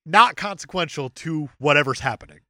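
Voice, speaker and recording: A man's voice: on the high side, expressive, a little fast, sharp tone. A man co-hosting a podcast, riffing jokes about a film and putting on sassy character voices. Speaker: podcast co-host. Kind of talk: casual movie recap chat.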